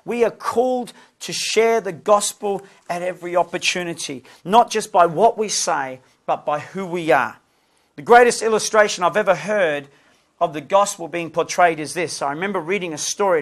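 High-voiced, emphatic New preacher. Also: male voice, a bit bright. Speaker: preacher teaching evangelism. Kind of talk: sermon-style lesson.

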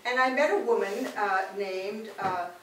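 A woman performing solo comic storytelling, hesitant, with many pauses and fillers. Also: medium pitch, slight background noise. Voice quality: hesitant, lots of uhs. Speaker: comedian. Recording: echoey room, distant mic.

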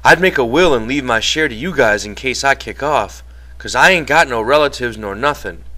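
A man's voice: medium pitch, animated, normal speed, sharp tone, voice pushed up. A man voicing an elderly one-handed ranch hand who talks in an eager, pleading, plain rural way.

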